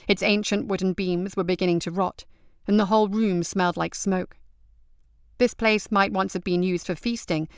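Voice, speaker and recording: A woman reading a fantasy story as scripted narration, measured and even. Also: mid-range voice, smooth, no room sound, studio quality. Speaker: audiobook reader.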